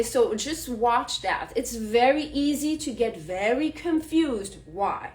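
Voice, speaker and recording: Laughing French-accented woman, slow and echoey. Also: high-pitched, a little mellow. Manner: laughs often, spiritual, addresses viewers directly. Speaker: astrology channel host. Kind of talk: casual live astrology talk.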